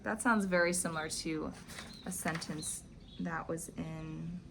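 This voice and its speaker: A woman with a somewhat low voice talks to her viewers in a relaxed, reflective monologue. She tells stories in a chatty way, leaning on "like" as a filler, with a faint hiss of background noise. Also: a little slow, creaky. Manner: chatty storytelling with frequent "like" fillers. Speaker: vlogger discussing spiritual teachings.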